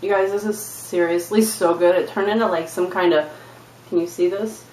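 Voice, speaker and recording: A woman's voice: on the low side, fairly even intonation, moderate pace, a little mellow, a little hiss or hum. A woman chatting casually to camera, gushing, giggling and poking fun at herself. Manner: gushing, giggly, playful, self-mocking. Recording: roomy, from a distance.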